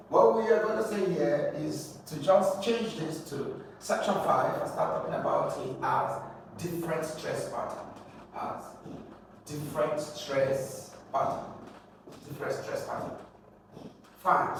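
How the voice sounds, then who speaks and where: A man with a Nigerian English accent teaches at a board in a high voice, sounding out words again and again. The sound is boomy and echoing. He is caught from a distance, with faint room noise underneath. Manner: repeats and drills words aloud. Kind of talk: classroom lesson at a board. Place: classroom. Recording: echoey room, distant mic.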